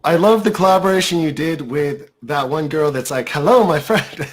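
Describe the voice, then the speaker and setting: A man hosts a casual livestream with a slightly higher voice than most men. He sounds upbeat and easygoing as he chats and asks his guests questions. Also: normal speed. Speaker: host.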